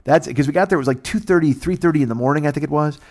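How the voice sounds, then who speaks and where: Profane, animated American storyteller man. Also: a little high, very fast. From United States. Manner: profane, animated, acts out every voice. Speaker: podcast host. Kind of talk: comic storytelling.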